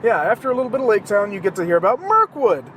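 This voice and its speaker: A man's voice: high voice, big pitch swings, fast talker, a bit bright, slight background noise. A man hosting a podcast, talking in a casual, rambling monologue from inside his car while he drives, joking and swearing sarcastically as he goes. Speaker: podcast host.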